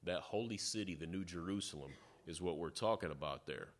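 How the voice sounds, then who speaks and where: A man preaching a sermon, teaching through scripture in a measured way. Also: deep voice. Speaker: pastor.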